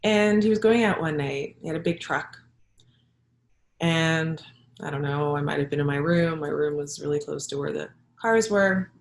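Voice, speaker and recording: A middle-aged woman, a health practitioner and yoga teacher, sharing a personal story in a reflective, halting way with soft laughs. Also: deep voice, vocal fry. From Jamaica. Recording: echoey room.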